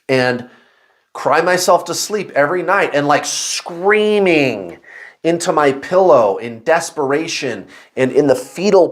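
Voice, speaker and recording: Man, spiritual vlog host, slightly high voice, slow unhurried delivery, animated and exclamatory, confessional. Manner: animated, exclamatory storytelling with sudden high outbursts. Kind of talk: casual confessional monologue to viewers.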